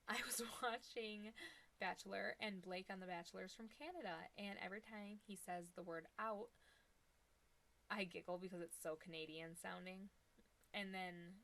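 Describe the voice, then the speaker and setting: A woman's voice: lowish voice, vocal fry, fairly bright tone. Young woman, Upper Midwest accent, chatty, laughs easily, live shopping host. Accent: Upper Midwest American. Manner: chatty, giggly, talks to chat viewers. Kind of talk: casual live stream chat.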